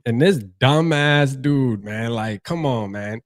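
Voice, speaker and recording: A young livestream host with a Charleston, South Carolina accent runs a casual fan stream, speaking loosely and with slang as he reads chat comments aloud. His medium-pitched voice moves at a slow pace, and the sound is clean studio quality with no room sound.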